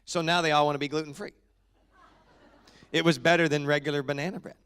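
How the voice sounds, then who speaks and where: A man from Kentucky, a pastor, greeting his congregation in a relaxed, joking, chatty way from the front of a church. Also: a little high, quick pace, clean tone. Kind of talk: casual church service welcome. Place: church sanctuary.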